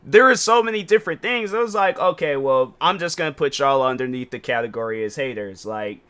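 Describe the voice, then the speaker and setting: A man's voice: mid-range voice, expressive, brisk, a bit bright, smooth. A man streaming and reacting to a video, rambling and incredulous, full of fillers and restarts. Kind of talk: casual reaction stream commentary.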